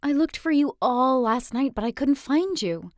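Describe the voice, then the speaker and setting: A woman reading aloud voices an excitable, nosy teenage girl who gushes and squeals. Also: mid-range voice, moderate pace, dry recording, studio quality, lightly acted. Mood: teasing. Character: chatty excitable young woman, teenage friend.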